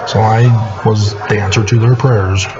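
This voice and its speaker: A man telling his own story in a casual monologue, aggrieved and sardonic, halting with many fillers. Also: on the low side, music in the background. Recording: muffled lo-fi recording with steady background noise.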